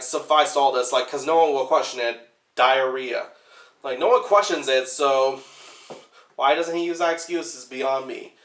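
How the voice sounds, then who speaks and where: A young man giving an unscripted movie review in casual commentary, rambling and filling nearly every pause with "like". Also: a little high, fairly bright tone. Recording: echoey room.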